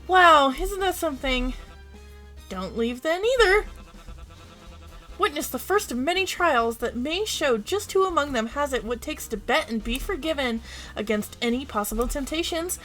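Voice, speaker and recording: Game show announcer, grand and drawn out, high-pitched, a woman reading it aloud. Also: expressive, normal speed, fairly bright tone, faint music behind. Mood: dramatic.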